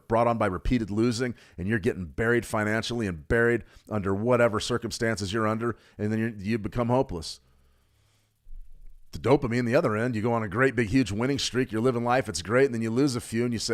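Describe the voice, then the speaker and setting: A man's voice: lowish voice, fast talker. A middle-aged man coaching traders in a live workshop, blunt and emphatic, repeating points for stress. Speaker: trading coach.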